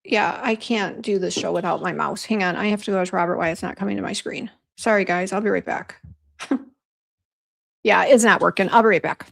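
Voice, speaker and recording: A woman's voice: mid-range voice, a little fast, gravelly, a bit bright. A middle-aged woman hosting a casual livestream from her home office, chatty and easily flustered as she talks straight to her viewers. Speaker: skincare formulator hosting a live show.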